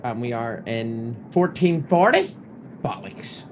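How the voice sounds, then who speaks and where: A man's voice: mid-range voice, animated, slow pace, slight background noise, poor audio. A man who jokes, swears and mutters to himself while setting up a live stream.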